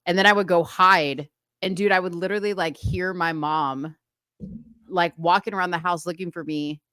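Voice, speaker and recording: Dramatic low-voiced woman chatting. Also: moderate pace, dry recording, studio quality. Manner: animated storyteller, self-described dramatic. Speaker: podcast co-host. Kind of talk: casual chat.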